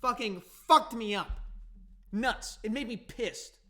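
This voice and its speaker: A man's voice: very high-pitched, slow, pushed and bright. Profane man telling a rambling story. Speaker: podcast host. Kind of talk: casual storytelling.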